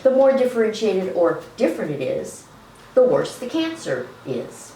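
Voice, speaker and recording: A woman's voice: medium pitch, very animated, normal speed, dark tone, reverberant, distant mic, slight background noise, low-quality recording. A woman presenting an educational video lecture in a chatty way, laughing between points and stretching words for emphasis. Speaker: health educator.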